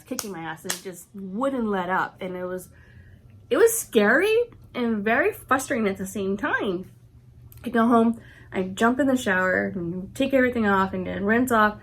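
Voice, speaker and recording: Chatty vlogger woman, sick and congested. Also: mid-range voice. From California, USA. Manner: chatty, retells scenes with "I'm like" and quoted reactions. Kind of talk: casual storytelling to camera.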